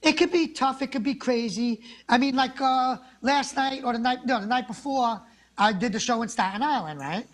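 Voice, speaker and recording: A man with an extremely high-pitched voice speaks at a normal pace. He's a guest actor in a casual interview, rambling through stories and acting out the people he quotes.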